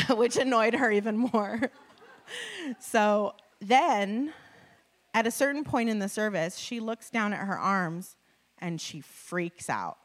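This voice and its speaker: Animated conversational woman preacher. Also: medium pitch, slow pace. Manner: animated and conversational, filler-heavy, laughs often. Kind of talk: sermon with personal storytelling. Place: before a live audience with slides.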